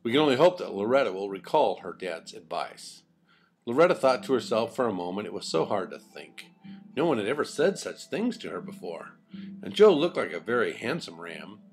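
An older man narrating a children's storybook in an expressive, folksy way. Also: lowish voice, fairly quick, soft background music.

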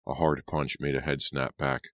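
A man narrating an audiobook in a steady, measured reading style. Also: very deep voice, no echo. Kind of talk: scripted storybook narration.

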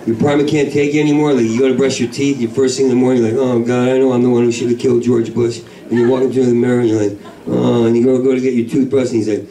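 A man doing a stand-up comedy set in a club, talking in a manic, rambling, profane way that breaks into shouted voices. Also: medium pitch, little pitch movement, very fast, few pauses, slight background noise. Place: comedy club main room. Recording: echoey club recording from far off with crowd. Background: audience laughter.

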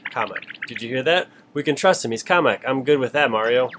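A man reading a bossy turtle king's game lines in a flat monotone. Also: medium pitch, brisk, a little hiss or hum, natural voice. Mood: smug.

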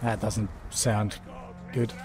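A man's voice: on the low side, level tone, slow, over music. Chatty man narrating a game. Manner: chatty, teasing banter with friends. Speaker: gaming channel host. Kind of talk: casual let's-play commentary.

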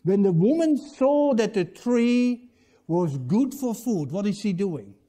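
A man delivers a church sermon, slow and deliberate, his fairly high voice rising and falling widely. The tone is mellow and dark, and he presses his points with rhetorical questions to the congregation. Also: big pitch swings. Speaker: pastor.

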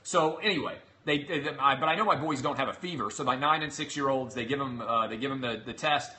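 A man's voice: medium pitch, fast talker, pushed and bright. Fired-up man telling a story. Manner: exasperated, sarcastic retelling with acted-out quotes. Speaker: show host. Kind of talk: animated storytelling monologue.

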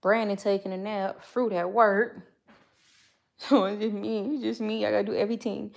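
Speaking with vocal fry and a flat delivery at normal speed, a mid-range woman cooks for her channel at home, casually talking slang to viewers and her children between steps. Her phone camera is nearby, sometimes set down.

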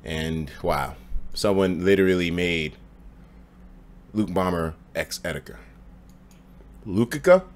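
A young man streaming casually from his apartment, tipsy after drinks, talking loosely and profanely, jumping between loud outbursts and low mumbles. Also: steady tone, a little slow, long pauses. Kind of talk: casual live-stream chat. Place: home apartment.

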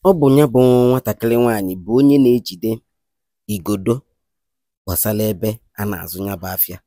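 A man voices a solemn male diviner who speaks in slow, halting pronouncements. His voice sits low and mellow. It is recorded close and dry, with no room sound. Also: no echo, close to an everyday voice. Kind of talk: skit acting in Igbo.

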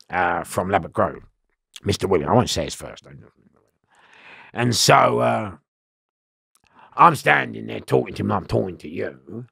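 A man's voice: on the low side, vocal fry, a bit bright, slightly rough, no echo, studio quality. A middle-aged man, telling rambling, slangy prison stories in a casual interview, swearing and laughing often.

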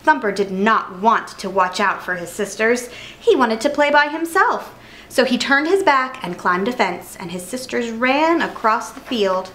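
Casting: storytime reader, lightly high voice, clear and lively for kids. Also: female voice, a little slow, rough recording. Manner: clear, expressive storybook narration. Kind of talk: reading a children's picture book aloud.

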